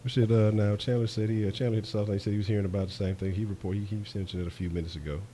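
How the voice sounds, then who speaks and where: A man's voice: lowish voice, level tone, rapid-fire, warm tone, a little hiss or hum. A man hosting a casual sports talk stream, hyping his co-hosts and reading questions from the chat. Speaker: show host reading the chat.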